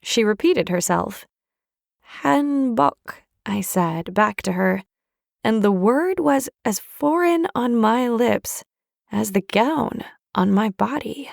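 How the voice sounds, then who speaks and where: A woman narrating an audiobook in the first person, in a gentle, measured storytelling manner. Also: mid-range voice, animated, gravelly, dry recording, clean studio sound. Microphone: studio microphone, dry.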